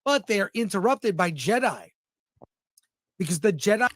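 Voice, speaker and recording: A man on a casual review stream, recapping an episode in an explanatory, slightly halting way. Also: high voice, very animated, no room sound, clean studio sound. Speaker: podcast co-host.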